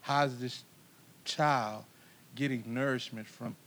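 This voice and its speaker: A man's voice: mid-range voice, steady tone, takes it slowly, a bit bright, slight background noise. Firm-voiced man giving a faith testimony. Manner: firm, preaching-like conviction. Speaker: guest.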